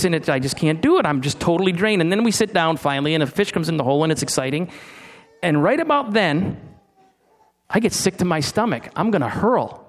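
A middle-aged man preaching a sermon in a conversational way, stumbling over restarts and asking his listeners questions. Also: high-pitched. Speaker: pastor.

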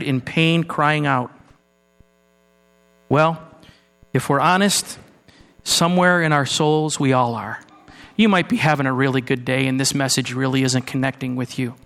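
A man preaching a sermon in a church, earnest, moving between raised urgency and low, hushed passages. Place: church sanctuary. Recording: long hall reverb with mains hum.

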